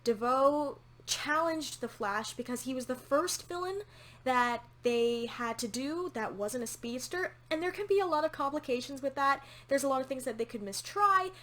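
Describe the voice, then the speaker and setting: A woman's voice: high-pitched, animated, moderate pace, a bit bright. A woman hosting a casual TV episode reaction, candid and opinionated, swearing casually as she talks. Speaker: reaction channel host.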